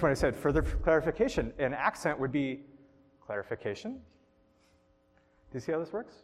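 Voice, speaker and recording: Upbeat male workshop instructor in a reverberant hall. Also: fairly high pitch. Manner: upbeat, laughs often, coaching the group. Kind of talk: classroom teaching to a group.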